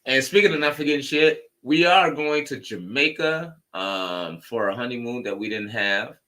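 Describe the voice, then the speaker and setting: A man's voice: medium pitch, lively intonation, normal speed, pushed and bright. A man co-hosting a casual chat show, joking and rambling with lots of fillers. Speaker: co-host.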